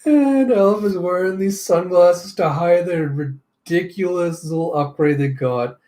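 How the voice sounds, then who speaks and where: A man's voice: high voice, measured pace, a little mellow. Casual man reading a comic aloud. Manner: chatty, with sound-effect words. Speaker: comic readthrough host. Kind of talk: casual comic readthrough narration.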